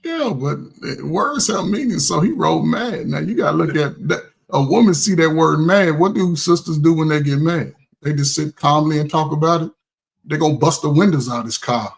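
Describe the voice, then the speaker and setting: A man with a fairly high voice trades blunt opinions on a casual discussion panel. He laughs often and speaks his mind plainly. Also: expressive, moderate pace, creaky, breathy edge, poor audio.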